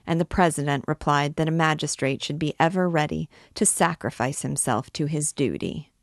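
A woman hosting a read-along, reading a classic novel in a measured, steady way. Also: low voice, dry recording, clean studio sound. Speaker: reader, host. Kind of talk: audiobook reading.

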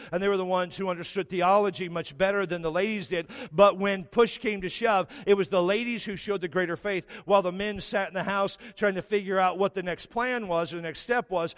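A male pastor preaching with animated, joking storytelling and a fairly high-set voice. He mixes comic asides with emphatic, building runs of phrases as he moves into the scripture. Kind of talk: sermon with humorous storytelling.

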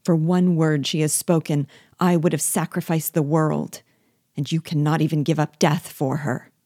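A woman reading the part of a passionate young man, loyal and quick to anger, with urgent, indignant questions. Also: sits low, little pitch movement, warm tone, no room sound, studio quality. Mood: sad.

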